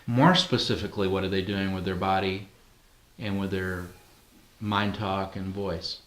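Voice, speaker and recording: A man's voice: deep voice, fairly even intonation, measured pace, roomy sound. A man leading a training class, talking conversationally and asking the group questions. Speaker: NLP trainer. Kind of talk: classroom teaching.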